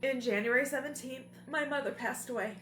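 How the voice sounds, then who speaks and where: A woman guest in a casual conversation, speaking in a quiet, candid and heartfelt way. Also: high voice, a little fast. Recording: echoey room with music behind.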